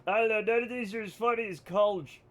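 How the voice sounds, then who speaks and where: Male streamer, high-pitched, excitable and joking, live gameplay commentary. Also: brisk. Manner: excitable, joking, swears, laughs often.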